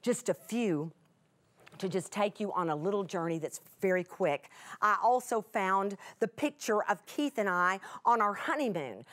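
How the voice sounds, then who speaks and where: A woman's voice: medium pitch, a bit bright. A middle-aged woman, telling an emotional personal story in a folksy, chatty way that turns tearful at times. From United States. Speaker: Bible teacher guest.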